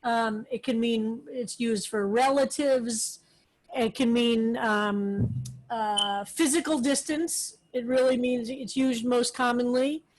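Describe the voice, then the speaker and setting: A woman rabbi guides a study group through a text. Her voice sits high and her pace is unhurried, with plenty of "um" and "uh" as she explains each word. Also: steady tone, a little mellow, rough recording. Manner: slow, explanatory, with frequent fillers. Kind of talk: relaxed Hebrew text lesson.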